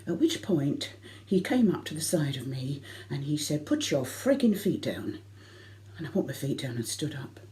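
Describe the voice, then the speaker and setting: A middle-aged woman telling a comic personal anecdote to a concert audience, lively and self-mocking. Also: deep voice, normal speed. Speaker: variety concert performer.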